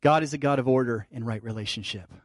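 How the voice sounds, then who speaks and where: A male pastor preaching a sermon, shifting between fervent emphasis and soft, intimate asides. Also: mid-range voice, fast talker, no room sound, clean studio sound. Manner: preaching with rising fervor, then dropping to soft intimate tones.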